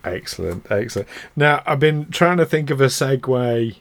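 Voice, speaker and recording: A man's voice: medium pitch, expressive, moderate pace. A man hosting a podcast in casual chat, friendly and rambling, often laughing at himself. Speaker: podcast host.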